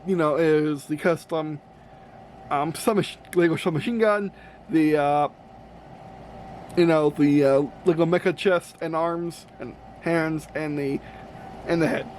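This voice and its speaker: With a darkish, steady voice on the high side, this man speaks at a measured pace and pauses often. He's casually muttering to himself as he sorts Lego pieces and builds, rambling and self-correcting, while an air conditioner hums noisily in the room.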